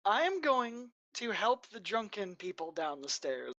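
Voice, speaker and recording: A woman's voice: mid-range voice, sing-song, unhurried, a bit bright, slight background noise. A woman playing in a tabletop game, chatty and exclaiming. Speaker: player. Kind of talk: casual tabletop play.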